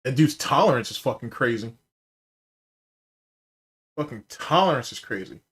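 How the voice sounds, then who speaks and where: A male podcast host talking in loose, casual chat, swearing freely as he reacts to viewer comments. His voice sits at an ordinary middle pitch. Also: lively intonation, normal speed, fairly bright tone. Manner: profane, loose and chatty, bursts into laughter.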